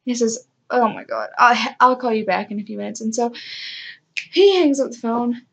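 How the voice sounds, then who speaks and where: A woman's voice: a little high, moderate pace, creaky, a bit bright. A young woman casually telling a personal story, self-mocking and acting out what others said. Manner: chatty, self-mocking, acts out quoted voices.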